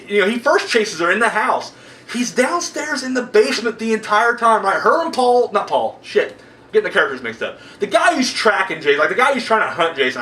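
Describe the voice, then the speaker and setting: A man with a very high, bouncy voice rambles through a horror film review, cursing and laughing. He sounds set back from the mic in a roomy, echoing space. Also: distant mic. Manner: excitable, profane, laughs while talking.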